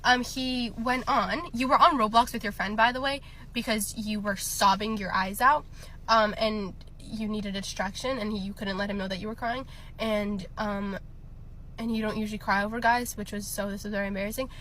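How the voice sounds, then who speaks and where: A woman's voice: medium pitch, fairly even intonation, moderate pace, pushed and bright, slight background noise. A young woman telling a personal story in a casual storytime, chatty, laughing often and filling with lots of ums and likes.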